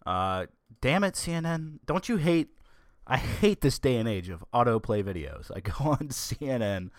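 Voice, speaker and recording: A man's voice: medium pitch, very animated, normal speed, dry recording, studio quality. A man giving opinionated commentary in a sarcastic, ranting way, reading out news along the way. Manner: reads news article aloud. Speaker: political commentator.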